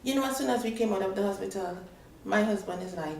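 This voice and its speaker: A woman's voice: medium pitch, quick pace, creaky. Woman, roomy distant mic. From Tobago. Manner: animated, acts out the voices of others in her story. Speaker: guest. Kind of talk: personal storytelling on a talk show. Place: studio. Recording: roomy sound from a distant mic, faint noise.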